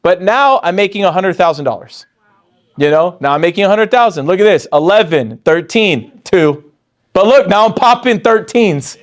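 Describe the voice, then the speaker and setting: High-voiced guy hyping up a sales training, energetic, jumps up and down in pitch. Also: moderate pace. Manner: energetic, swings high and excited, quotes others in a low voice. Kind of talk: motivational training talk.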